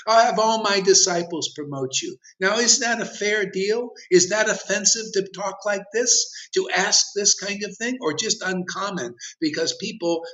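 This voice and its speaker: A man's voice: a little high, expressive, normal speed, hardly any pauses, sharp tone. A man giving an impassioned, provocative sermon as a spiritual teacher, challenging his listeners directly. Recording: dull lo-fi recording.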